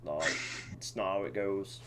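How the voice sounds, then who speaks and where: Speaking a little slowly, a male podcast co-host uses a low voice with a fairly bright tone. His casual talk wanders, peppered with fillers and restarts, over slight background noise.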